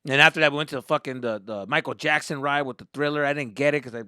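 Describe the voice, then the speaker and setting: A male comedian hosting a podcast, telling a comic story in an animated, profane way and acting out quotes. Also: a little high, rapid-fire, smooth, no room sound, studio quality.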